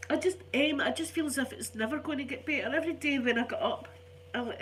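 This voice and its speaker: A woman's voice: high voice, fairly quick, a little hiss or hum. Chatty Scottish woman with a cold. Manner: chatty, animated storyteller. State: ill, congested. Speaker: vlogger. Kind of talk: casual storytelling chat.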